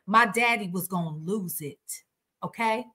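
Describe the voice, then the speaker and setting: A woman with a mid-range, slightly rough voice hosts a casual reaction livestream at a measured pace. She's outspoken and animated, swearing freely while addressing her viewers.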